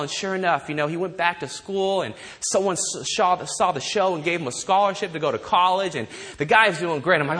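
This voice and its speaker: A man preaching a sermon to a congregation, telling stories in an animated way, often restarting sentences and laughing. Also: sits high, a little fast, few pauses. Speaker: pastor.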